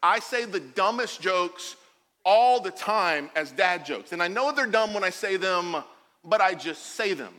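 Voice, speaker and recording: A pastor in his forties gives a lively, jokey sermon, acting out the quotes he shares. His bright, high-pitched voice is a little slow and rings with long reverb from the church hall.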